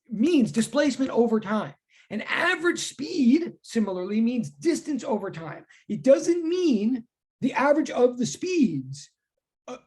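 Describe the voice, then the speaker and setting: A woman giving a physics class over a video call, her voice a little husky. She talks in a loose, rambling way, full of asides and jokes at her own expense. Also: a little high, a little mellow. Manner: chatty, self-deprecating, rambling asides. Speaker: physics teacher. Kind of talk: online lecture.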